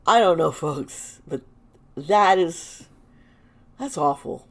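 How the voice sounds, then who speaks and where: A woman with a sore throat doing a casual tarot reading, halting and exclaiming as she turns the cards. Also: fairly low pitch. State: sore throat, lozenge in mouth. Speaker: tarot reader and channel host.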